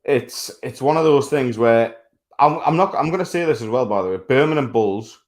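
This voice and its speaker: A man co-hosting a casual sports podcast, talking bluntly, swearing freely and laughing loudly. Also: medium pitch, expressive, normal speed. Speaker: podcast co-host.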